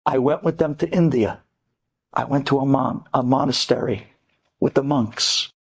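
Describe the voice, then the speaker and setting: A man, a rabbi telling an inspirational story, animated and swinging between hushed and soaring tones, with Hebrew terms mixed in. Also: medium pitch, moderate pace, vocal fry, breathy edge. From United States. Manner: sprinkles Hebrew terms into speech.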